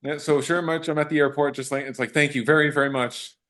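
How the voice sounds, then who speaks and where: A man's voice: on the high side, fast talker. Man telling stories animatedly. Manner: animated retelling with acted-out quotes and restarts. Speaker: actor, interview guest. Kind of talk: casual storytelling in an interview.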